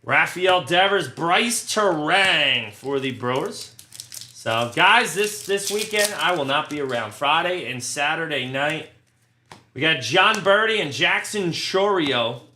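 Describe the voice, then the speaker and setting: A crude, joking man hosting a card break and rattling off player names. His voice is bright and a little high, with a roomy echo and faint noise behind him. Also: animated, slow. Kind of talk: casual live card-break chat.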